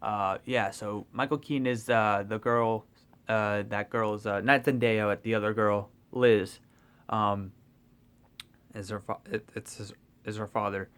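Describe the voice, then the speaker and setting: A young man vlogging a casual spoiler review of a movie, rambling and excitable, full of fillers and restarts, swearing casually. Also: lowish voice, measured pace, clear, resonant tone.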